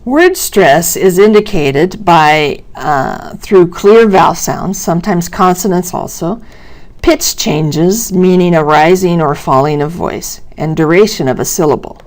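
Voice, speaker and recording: Slow, deliberate woman teaching pronunciation. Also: fairly low pitch. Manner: slow, deliberate, exaggerating sounds for demonstration. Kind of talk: instructional narration.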